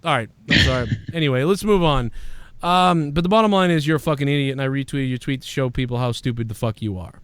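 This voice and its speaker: A man's voice: mid-range voice, fast talker, fairly bright tone, smooth, dry recording. A man hosting a show, ranting casually with profane, combative, mocking insults aimed at a critic. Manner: sarcastic, mocking. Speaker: show host reading viewer donations. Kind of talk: casual livestream rant.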